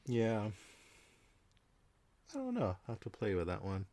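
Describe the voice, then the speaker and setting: A man's voice: fairly low pitch, huge pitch swings, unhurried, warm tone, a little hiss or hum. A man co-hosting a podcast, talking casually about a card game in a hesitant way with many ums and small laughs. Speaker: podcast co-host.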